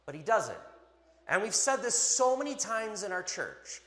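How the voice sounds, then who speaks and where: Man, pastor, sermon, emphatic, lively pitch, echoey room. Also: moderate pace. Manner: animated, emphatic, playful asides. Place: church. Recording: echoey hall.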